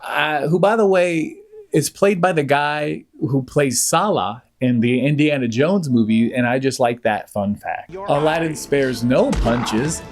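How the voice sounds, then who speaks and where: A young man giving a sarcastic, jokey recap of an animated movie as a reviewer, now and then mimicking the characters. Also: mid-range voice, unhurried, faint music behind.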